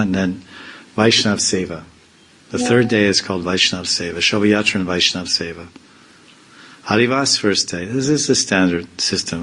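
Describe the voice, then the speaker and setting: A man with a fairly low voice giving a loose, conversational spiritual discourse. He wanders between points and drops in playful asides, teaching the way a swami does. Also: fairly bright tone, rough recording. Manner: rambling, with playful asides and acted-out quotes. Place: temple community in India.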